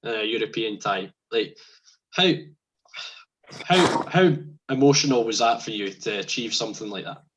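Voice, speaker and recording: A man's voice: lowish voice, animated, normal speed, background noise. A man interviewing a guest and asking a hesitant question.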